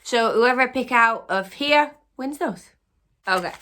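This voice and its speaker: A woman's voice: fairly high pitch, animated, a little slow, sharp tone. A woman hosting her own channel, chatting upbeat to camera with frequent restarts as a small business owner. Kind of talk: casual chat to camera.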